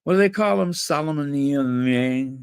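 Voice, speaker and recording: Speaking slowly in an expressive, mid-range voice, a male channel host rambles and plays around on a live stream, saying words over and over as he experiments with their pronunciation. The audio is studio quality with no room sound.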